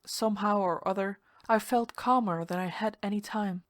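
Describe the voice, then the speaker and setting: A woman's voice: mid-range voice, steady tone, normal speed, hardly any pauses, no echo. Woman reading a ghost story, dry sound. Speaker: story reader. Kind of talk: scripted narration of a ghost story.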